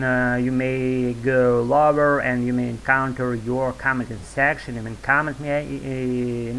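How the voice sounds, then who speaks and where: Russian-accented man, flat rambling talk. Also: medium pitch, slight background noise, poor audio. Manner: wordy, loose, filler-heavy, restarts often. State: sore throat. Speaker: YouTube English-learning vlogger. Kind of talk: rambling monologue to camera.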